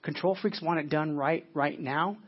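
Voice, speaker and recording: Male pastor, sermon delivery, breathy tone, earnest and stumbling, muffled church recording. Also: a little high, moderate pace. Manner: earnest, repeats words while searching for them.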